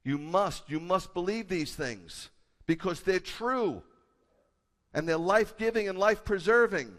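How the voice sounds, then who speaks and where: A man who is a rabbi, preaching a sermon emphatically and shifting between loud bursts and low confiding asides. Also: expressive, measured pace. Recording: echoey hall with a long tail.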